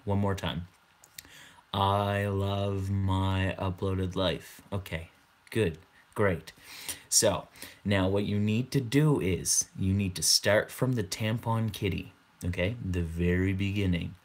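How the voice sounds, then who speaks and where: A young man doing a slow, hushed mock hypnotist. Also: sits low, steady tone. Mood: hypnotic. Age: 20s. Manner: slow, hushed, drawn-out commands.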